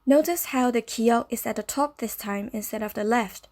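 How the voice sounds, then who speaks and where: A woman narrating a scripted language lesson, explaining step by step in a slow, clear way. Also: a little high, a little mellow. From Malaysia. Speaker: language teacher.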